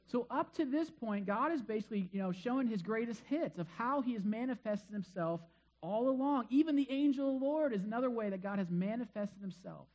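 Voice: mid-range voice, expressive, fairly quick, a little mellow, low-quality recording. A preacher giving a sermon in a casual, conversational way, firing rhetorical questions at the listeners and dropping playful jokes along the way.

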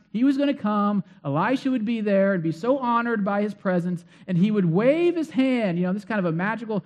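A man's voice: high voice, darkish tone. A male pastor preaching a sermon in a conversational, storytelling way with frequent fillers.

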